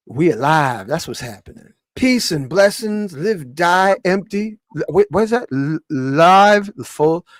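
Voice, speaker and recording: A man hosts a video-call livestream, slangy and loose, shouting out names from the chat. His voice sits a little high for a man. The sound is close and dry. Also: lively intonation, measured pace, few pauses, dry recording. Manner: loose slangy banter, shout-outs to viewers. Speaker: livestream host.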